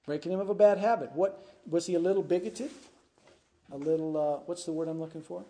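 A man's voice: fairly high pitch, a little fast, mellow. A man, a pastor, preaching through a scripture passage and often checking in with his congregation with "huh?" and "right?". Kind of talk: expository sermon.

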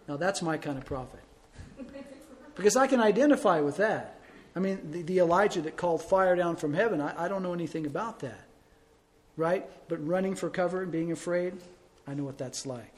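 A man delivers a sermon to his congregation with a slightly higher than average voice. He preaches conversationally, posing rhetorical questions. His voice swells for emphasis and falls quiet for asides. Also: moderate pace. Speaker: pastor.

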